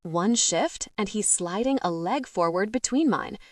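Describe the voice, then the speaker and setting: Woman narrator, first-person dark romance reading, dramatic and expressive, dry booth sound. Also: mid-range voice, unhurried, no echo. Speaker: audiobook narrator.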